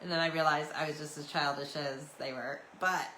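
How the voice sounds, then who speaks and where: A woman's voice: low voice, steady tone, fairly quick, pushed and bright, roomy sound, slight background noise, rough recording. A Canadian woman in her forties hosting a podcast, rambling through stories in a chatty, meandering way. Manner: chatty, meandering, loose and storytelling. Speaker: podcast host. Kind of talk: rambling solo podcast chat.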